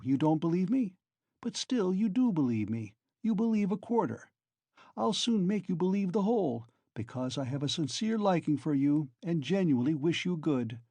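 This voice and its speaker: A man's voice: high voice, very animated, moderate pace, warm tone, no room sound, heavily acted. A man voicing a sly, genial male investigator who talks in a fussy, insinuating way. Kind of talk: audiobook character reading.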